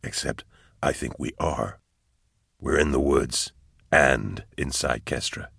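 Calm male soldier, deep, quiet, measured, near-whispered, as a man puts him on. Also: creaky, husky, dry recording, studio quality, full character voice.

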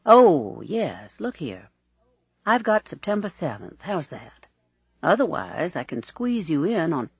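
Jovial senior bishop, warm banter, lively delivery, read by the narrator; dry, lo-fi. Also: male voice, a little high, slow, slightly rough, no echo, heavily acted. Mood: businesslike. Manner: hearty, warm, teasing. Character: jovial older male bishop, old friend.

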